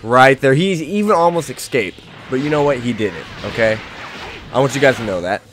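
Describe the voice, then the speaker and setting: Male let's play host, animated, chatty, prone to frustrated yelling. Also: mid-range voice, moderate pace, slight background noise. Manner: excitable, swings from chatty to loud frustrated outbursts. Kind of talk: casual gameplay commentary.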